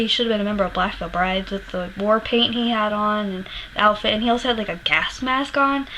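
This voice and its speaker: A woman's voice: fairly high pitch, fairly bright tone, a little hiss or hum, poor audio. A young woman telling a concert story in a casual vlog, candid and rambling, swearing freely and laughing often. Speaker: music vlogger.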